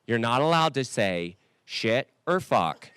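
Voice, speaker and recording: A man introducing the next wedding speaker, joking in an unhurried way. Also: mid-range voice, very animated, fairly bright tone, clean tone, dry recording. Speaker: wedding emcee.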